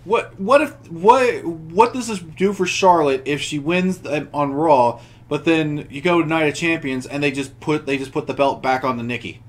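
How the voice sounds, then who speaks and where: A young man with a slightly higher voice tells a wrestling recap on a casual podcast. He rambles, restarts his sentences, and laughs as he goes. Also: moderate pace. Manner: rambling, many restarts, laughs while telling. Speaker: podcast co-host.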